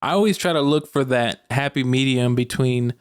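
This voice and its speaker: A young man from Arkansas, co-hosting a podcast in a relaxed, slangy chat, laughing often. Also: medium pitch, moderate pace, clear, resonant tone. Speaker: podcast co-host. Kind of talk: casual chat.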